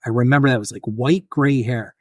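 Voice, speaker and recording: Speaking briskly in a mid-range voice, a podcast guest who is a filmmaker and author animatedly recounts funny personal stories, performing the voices of others involved. It's studio-quality audio with no room sound.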